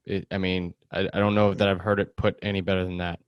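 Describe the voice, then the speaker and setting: Podcast host, man, lowish voice, hesitant questioning style, dry recording. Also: little pitch movement, clean tone, no room sound, muffled recording. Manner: halting, restarts phrases while asking. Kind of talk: conversational interview questions.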